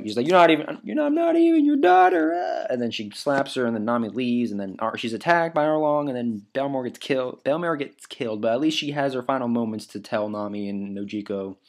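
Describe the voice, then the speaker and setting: A man talking through a countdown list in casual vlog style, rambling with lots of fillers and casual swearing. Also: medium pitch. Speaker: anime vlogger ranking moments.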